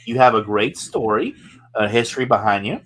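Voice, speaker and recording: A man hosts a casual chat in an earnest, rambling way, often circling back on his own words. His voice is husky and slightly rough, and his pitch moves about in a lively way. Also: moderate pace, rough recording. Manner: earnest, rambling, repeats himself. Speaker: podcast host.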